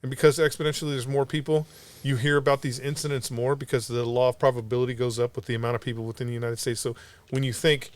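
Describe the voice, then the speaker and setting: This podcast co-host, speaking fast at a medium pitch, rambles his way through a story on a casual show. He's lively in the telling and doesn't hold back on the profanity.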